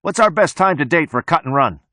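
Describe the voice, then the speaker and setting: Guy putting on a taunting thug mechanic, voice pushed up high, mocking, dry sound. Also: animated, fairly quick, sharp tone, no room sound. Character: menacing male gang mechanic, mocking.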